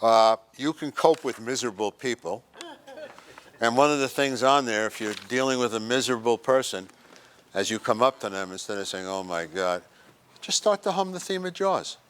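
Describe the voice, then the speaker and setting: A man's voice: mid-range voice, moderate pace, a bit bright, a little hiss or hum. Joking man leading a group workshop. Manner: joking, acts out little scenes and quotes. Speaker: workshop presenter. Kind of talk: humorous motivational talk to a group. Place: senior center activity room.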